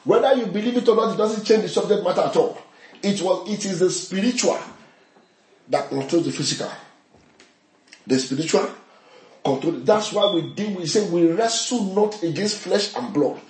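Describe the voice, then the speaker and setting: A man leading a fervent prayer session in church, shouting repeated declarations and breaking into tongues. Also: high voice, normal speed. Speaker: pastor. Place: church service. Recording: roomy echoey hall.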